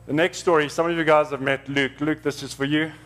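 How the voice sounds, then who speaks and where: A man's voice: a little high, fairly even intonation, a little fast, a bit bright, faint music behind. Man, preacher, storytelling sermon, earnest, emotional, conversational, church.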